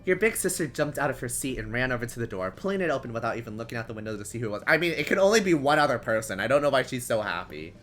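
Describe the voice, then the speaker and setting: A playful, jokey man streaming as he chats and reads a story game aloud. His voice is bright and lively, swinging widely in pitch, with faint music under it. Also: rapid-fire, few pauses. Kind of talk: casual chat and reading a story game.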